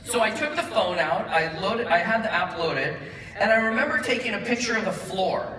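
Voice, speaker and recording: A man's voice: high voice, moderate pace. Guy telling a story at his award speech, acts out the dialogue, big echoey hall, mic far off. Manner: animated, acts out both sides of conversations, laughs along. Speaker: award winner giving acceptance speech. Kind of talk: storytelling acceptance speech on stage. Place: large event hall with audience. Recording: roomy hall sound from a distant mic, faint noise.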